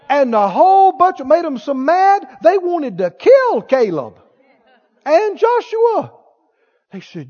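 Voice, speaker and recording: A man's voice: very high voice, sing-song, slow pace, darkish tone. A man preaching a sermon with emphasis, asking the crowd for replies. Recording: dull lo-fi sound in a reverberant hall.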